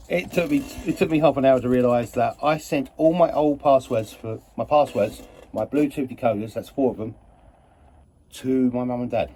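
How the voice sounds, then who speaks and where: A man chats casually through a long, meandering story, stopping often to correct himself. His voice is soft and mellow, with a faint hiss behind it. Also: mid-range voice, lively intonation, normal speed, pauses often. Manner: chatty, meandering, self-correcting. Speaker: model railway hobbyist vlogger.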